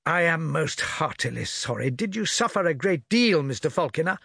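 A man's voice: on the high side, very animated, moderate pace, creaky, a bit bright, husky, no echo, studio quality, heavily acted. A man voicing a hearty, blustering older naval admiral who talks in exclamations. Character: bluff hearty older male port admiral.

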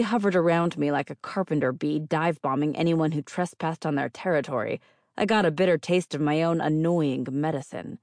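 A woman's voice: sits low, fairly quick, a little mellow, dry recording. A woman narrating first-person fiction as an audiobook reader, with a wry, dry delivery.

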